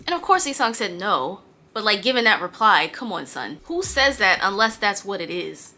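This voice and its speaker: A young woman hosting a casual storytime, chatty and joking, with quick asides and laughs. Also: medium pitch, expressive, bright, forceful tone, slight background noise. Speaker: storytime host.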